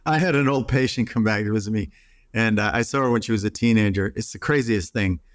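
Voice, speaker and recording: His voice is on the low side and quick as this middle-aged American psychotherapist, an interview guest, reflects earnestly, acting out quoted speech and repeatedly restarting. The studio sound is clean, with no echo.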